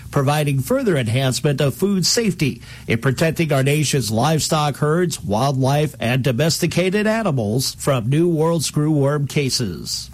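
A man reads a scripted agriculture news report. His voice is somewhat high and husky.

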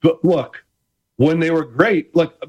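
A man's voice: a little high, takes it slowly, slightly rough, lo-fi sound. A middle-aged man, a former quarterback, talking as a guest in an interview with many restarts and a playful manner. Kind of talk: casual interview chat.

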